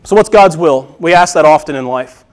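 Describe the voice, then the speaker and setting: A man's voice: a little high, normal speed. A man preaching a sermon in an earnest way, often asking a question and then answering it himself. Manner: earnest, repeats key phrases, asks and answers questions. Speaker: pastor.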